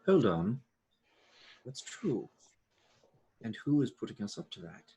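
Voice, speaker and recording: Deep husky man role-playing. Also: sing-song, warm tone. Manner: slow, deliberate, announcing actions. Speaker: player. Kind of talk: tabletop role-play chat.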